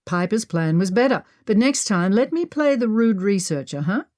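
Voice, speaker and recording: A woman's voice: mid-range voice, sing-song, moderate pace, darkish tone, no room sound, lightly acted. A woman reading the part of a teasing, wry male adventurer in an audiobook, with a dry manner.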